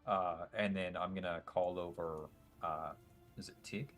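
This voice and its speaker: Player, male, very low voice, relaxed, light music underneath. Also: a little slow. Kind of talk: casual tabletop play.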